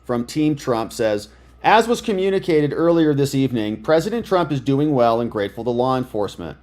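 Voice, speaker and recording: A man hosting a live commentary stream, talking in an excitable, sarcastic way and reading headlines and statements aloud. His voice sits at an ordinary middle pitch and he talks in a plain, conversational tone. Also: fairly quick. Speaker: lawyer and political commentator.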